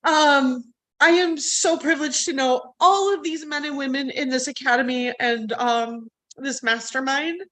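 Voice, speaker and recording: A nervous woman speaks to an online summit over a video call, her voice sitting a little high. She laughs often and fills her pauses with ums as she talks about her life. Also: fairly bright tone. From United States. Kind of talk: nervous personal talk.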